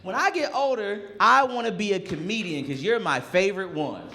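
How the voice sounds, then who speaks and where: A man voicing an eager, excited eight-year-old boy who repeats himself in a rush, recorded live in an echoey comedy club. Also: high voice, moderate pace, gravelly, crowd noise, pitched above the performer's own voice. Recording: echoey club room with audience noise.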